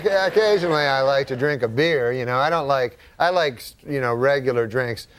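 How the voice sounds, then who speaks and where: A man chatting as a talk show guest, stammering and halting in a sheepish way. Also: mid-range voice, clean tone.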